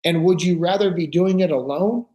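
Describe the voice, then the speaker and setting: Here the recording sounds lo-fi, and the man's voice is high-pitched at a moderate pace. Chatting casually on a podcast, he relays stories earnestly and performs the quoted dialogue of the characters with animation.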